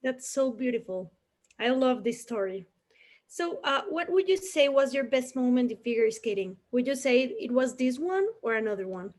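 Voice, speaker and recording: A woman's voice: fairly high pitch, animated, moderate pace, darkish tone. A woman hosting a casual interview, reacting often and laughing along. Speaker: interview host.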